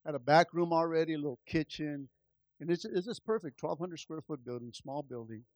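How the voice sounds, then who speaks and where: A man, a pastor, telling a personal testimony in a lively storytelling way, acting out the dialogue. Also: on the high side, brisk, dry recording. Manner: animated, acts out dialogue in his story. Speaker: pastor starting a church.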